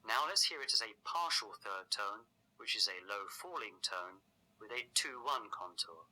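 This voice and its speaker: A man narrates a scripted language lesson with a measured, explanatory delivery. His voice is very bright and ringing. His pitch moves in lively swoops as he walks through each point. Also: low-quality recording. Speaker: language teacher.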